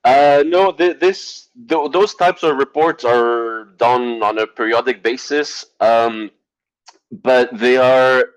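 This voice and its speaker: A man giving an online presentation over a video call, halting with fillers and clearing his throat as he loses his voice. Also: mid-range voice, rough recording. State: losing his voice.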